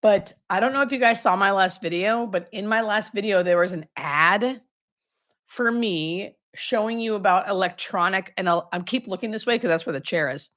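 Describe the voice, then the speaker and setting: A woman in her thirties chats on a livestream from home, welcoming viewers one by one and joking at her own expense. Her voice is clear and bright, at a middle pitch for a woman. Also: normal speed. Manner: chatty, greets viewers by name, self-deprecating asides. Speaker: hospice nurse and livestream host. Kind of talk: casual live Q&A chat.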